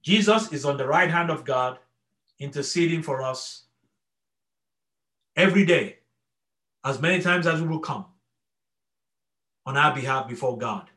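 A middle-aged man preaching with an earnest, searching delivery, stumbling through restarts and checking in with his listeners. His voice sits a little high and rings bright and forceful. The room around him is echoey. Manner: earnest, repetitive restarts, frequent "okay?" check-ins. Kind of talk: sermon.

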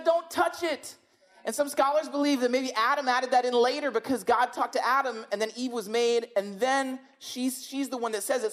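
Conversational woman preaching a sermon. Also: high-pitched. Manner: conversational, emphatic, rhetorical questions.

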